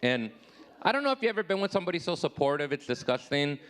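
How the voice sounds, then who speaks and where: A man in his thirties performing a live stand-up comedy set, self-deprecating, jumping high and loud when he acts out his own replies. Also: very animated, fast.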